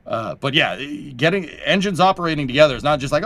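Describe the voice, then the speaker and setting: A man's voice: fairly high pitch, lively intonation, fast, a bit bright. Chatty male livestream host. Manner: rambling, self-correcting, chatty. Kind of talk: casual livestream chat.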